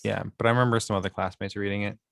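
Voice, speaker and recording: A man's voice: lowish voice, fairly even intonation, rapid-fire, gravelly, a bit bright, dry recording, studio quality. Laid-back swearing podcast guy. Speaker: podcast co-host and author. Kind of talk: casual chat, then reading his book aloud.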